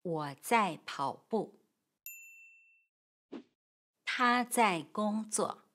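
Slow, patient female Mandarin teacher. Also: mid-range voice, animated, a bit bright. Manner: slow, clear, patient explanation with model sentences. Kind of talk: grammar lesson.

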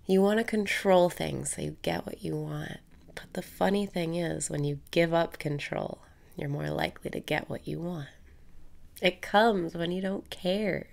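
Her voice on the low side and her pace a little slow, a woman guides listeners through meditation. She is calm but blunt, returns repeatedly to breathing instructions, swears casually, and sometimes whispers breathily.

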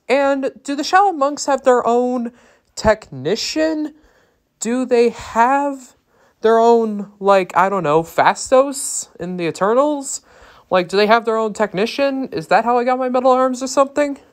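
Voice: medium pitch, lively intonation, a little slow, voice pushed up, lightly acted. A reviewer voicing a puzzled male soldier with metal arms, rambling out questions.

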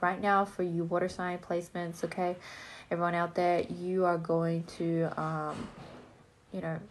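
A woman's voice: on the low side, slight background noise. A young Australian woman giving a live collective tarot reading in a casual, blunt, joking way, with the odd swear word. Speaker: tarot reader.

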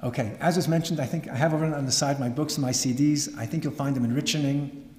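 Animated man telling a story in an echoey hall. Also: medium pitch, fast, slight background noise. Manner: dramatic, animated storyteller with wry asides. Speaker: rabbi and lecturer. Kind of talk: storytelling lecture. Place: synagogue hall. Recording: echoey hall with long reverb.

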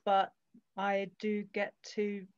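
A woman's voice: medium pitch, completely flat delivery, takes it slowly, clean tone, lo-fi sound. A woman introducing herself as a player on a tabletop game stream, hesitant and self-mocking.

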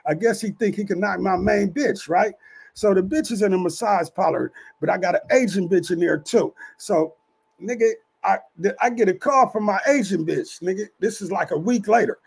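A man's voice: high voice, normal speed, creaky, breathy edge. A man hosting his own channel, telling a long street story in a profane, streetwise way and often asking if you follow him. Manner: profane, streetwise, keeps asking "you know what I'm saying". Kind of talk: casual storytelling monologue.

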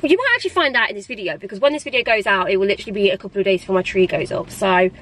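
A young woman, gushing and chatty as she vlogs, her voice a little hoarse. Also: medium pitch, very fast, poor audio. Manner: excitable, gushing, fills with "like". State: slightly hoarse. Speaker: vlogger. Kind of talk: casual chatty vlog. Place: in a parked car, then in a shop.

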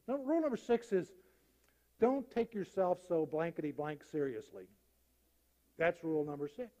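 Male pastor, high voice, animated storyteller, sermon in a roomy sanctuary. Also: normal speed, long pauses. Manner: animated storyteller acting out jokes. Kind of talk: sermon with humorous stories. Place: church sanctuary. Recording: church hall reverb.

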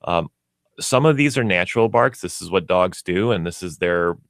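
Brief: very low-voiced man, dry studio sound, patient pet-training explainer on radio. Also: expressive, normal speed, gravelly, no echo. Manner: explanatory, uses everyday examples and acts out pets. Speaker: pet store expert guest. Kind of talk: radio talk show.

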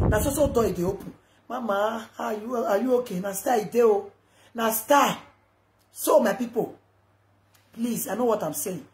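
Woman, Nigerian accent, live video rant, loud and rambling, Pidgin mixed with local languages, echoey room, noisy background. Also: on the high side.

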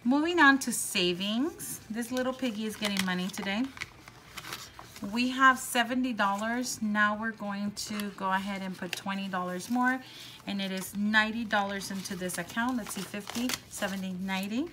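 A woman vlogger chatting casually while counting cash out loud, excitable and upbeat. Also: mid-range voice, normal speed, background noise. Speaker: budgeting vlogger.

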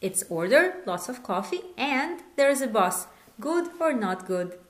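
A woman's voice: fairly high pitch, big pitch swings. Woman teaching hebrew, voice swings up and down a lot, patient and repeats stuff. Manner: patient, repeats words slowly and asks the learner questions. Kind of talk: online language lesson.

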